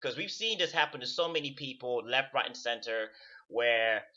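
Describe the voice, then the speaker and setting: A man's voice: mid-range voice, animated, moderate pace, pushed and bright, highs cut off. A man talking to camera in a casual, profane rant, repeating words for stress. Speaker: video commentator. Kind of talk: casual ranting monologue.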